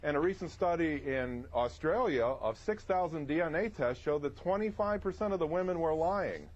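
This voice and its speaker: A man's voice: a little high, animated, moderate pace, lo-fi sound. A man arguing heatedly on a TV debate panel, talking over the others and reeling off statistics to press his point. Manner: combative, talks over others, rattles off statistics. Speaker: opinionated TV panel guest.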